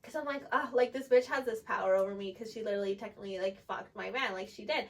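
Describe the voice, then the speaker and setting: A woman's voice: medium pitch, quick pace. A young woman telling a personal story in casual chat, candid and rambling, with frequent "like" and free swearing. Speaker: storyteller getting lashes done.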